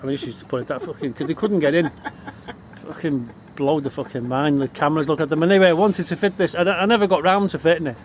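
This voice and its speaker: Middle-aged Liverpudlian man, brash storyteller, swears freely, voice a touch high, light background hiss. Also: fast. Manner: swears constantly, rowdy and boastful. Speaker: vlogger telling stories. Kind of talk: casual storytelling.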